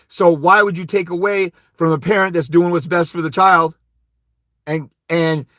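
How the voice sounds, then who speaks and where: A man whose voice sits high with a sharp tone hosts a live advice stream on legal matters, bluntly and emphatically urging listeners to confront the court. He imitates timid speakers by mumbling "wah wah." The recording is dry and clean, with studio sound.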